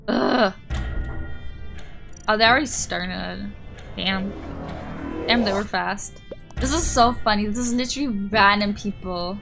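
A woman live streaming as she plays a game, chatting casually with viewers, excitable and giggly, squealing when startled. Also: medium pitch, a little slow, gravelly, long pauses, music in the background.

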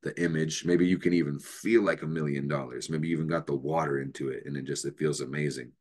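A man's voice: very deep voice, fairly even intonation, fast, darkish tone. A man hosting an astrology show, giving an unscripted motivational talk, emphatic and profane, with bursts of laughter.

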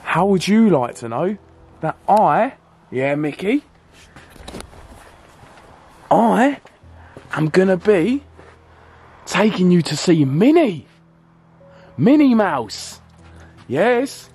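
Young man with a high voice. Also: extremely slow, pauses often, husky, faint music behind. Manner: shouting pleas and commands, then calm to-camera wrap-up. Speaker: vlogger. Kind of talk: acted skit vlog. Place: outdoors and in a car at night.

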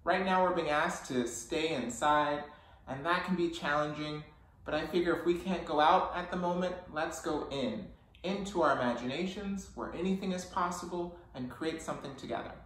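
A man's voice: fairly high pitch, moderate pace, fairly bright tone. Upbeat man in an echoey garage studio. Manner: upbeat and encouraging. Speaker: host, children's book author and illustrator. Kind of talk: friendly craft-video host talk. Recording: echoey room, mic at a distance, faint noise.

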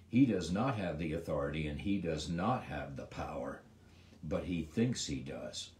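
A middle-aged man giving a devotional Bible teaching as a pastor, moving between emphatic lines and hushed ones. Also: lowish voice, reverberant. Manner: expressive, swings from emphatic to hushed.

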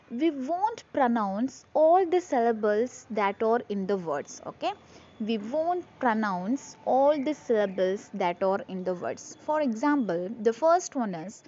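A woman teacher, slowly drilling phrases and repeating each one for her class. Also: fairly high pitch, muffled recording. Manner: slow drilling repetition, reads phrases twice. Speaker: English teacher. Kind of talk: classroom lesson reading aloud.

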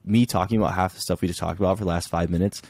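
A young man with a low, gravelly voice chats as a podcast guest, relaxed and easygoing, sprinkling "like" through his sentences. His tone is dark and mellow, and the sound is close and dry with no room echo. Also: very fast. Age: young adult. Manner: laid-back, fills speech with "like". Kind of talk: casual podcast chat. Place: his childhood bedroom at home.

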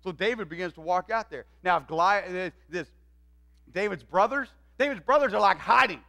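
Pastor, male, high and bright voice, animated sermon storytelling. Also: a little fast, creaky. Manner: animated, acts out quoted voices. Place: church.

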